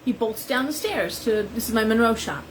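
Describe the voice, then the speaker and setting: A woman's voice: fairly high pitch, expressive, moderate pace, a little hiss or hum, rough recording. A woman who runs a tarot shop, chatting with viewers on a live stream and rambling into stories. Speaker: shop owner and tarot reader.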